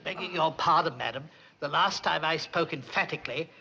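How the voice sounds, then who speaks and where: An actor playing a prim, timid butler with stiff, formal diction, in a 1960s sitcom. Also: male voice, fairly high pitch, brisk, gravelly, sharp tone, muffled recording, a faint crowd, a little hiss or hum.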